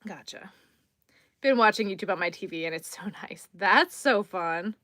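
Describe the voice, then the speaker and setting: Tired woman streamer, bright tone, dry close sound, easygoing chat while crocheting. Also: mid-range voice, moderate pace, no room sound. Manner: chatty, easygoing, responds to viewers while crocheting. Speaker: crochet livestreamer. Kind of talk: casual livestream chat, reading chat comments.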